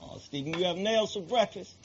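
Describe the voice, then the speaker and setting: A man's voice: high voice, brisk, lightly acted. An actor playing a smug male plantation master who speaks in a teasing, condescending way. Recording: muffled noisy film audio.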